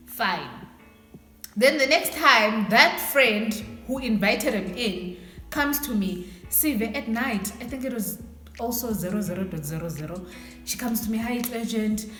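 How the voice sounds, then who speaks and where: A young South African woman casually telling a story time to her viewers, animated and acting out what people said. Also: on the high side, a little slow. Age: young adult. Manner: animated, switches into Xhosa phrases, acts out quotes. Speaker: vlogger. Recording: echoey room with faint background music.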